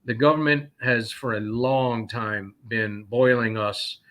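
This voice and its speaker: He speaks slowly, with fairly even intonation and a fairly bright mid-range voice. A trucker and guest from North Carolina, he's on a casual call-in, telling stories indignantly and rambling with many fillers.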